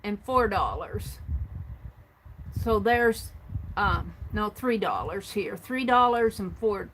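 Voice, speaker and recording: Slow chatty woman showing a craft haul. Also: medium pitch, animated, a bit bright, a little hiss or hum, low-quality recording. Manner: chatty, thinking aloud while tallying prices. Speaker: craft vlogger. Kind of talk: casual show-and-tell of a craft haul.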